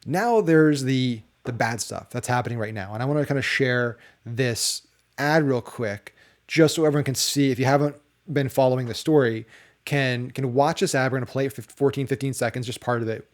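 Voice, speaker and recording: A man's voice: medium pitch, moderate pace. A man in the role of a marketing educator, giving casual talking-head commentary and often checking in with rhetorical questions. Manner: conversational, leans on rhetorical "right?" checks.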